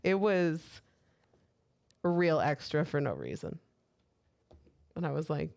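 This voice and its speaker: A woman's voice: sits low, very animated, takes it slowly, creaky, long pauses, a little mellow, dry recording, studio quality. A woman from the United States co-hosting a podcast, rambling casually with many fillers and laughs. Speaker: podcast co-host. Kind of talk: casual chat.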